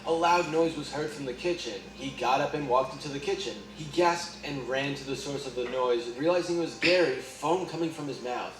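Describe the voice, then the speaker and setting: A man reading a creepy story aloud in a flat, steady way. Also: mid-range voice, a little fast, few pauses. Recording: echoey room, distant mic, noisy.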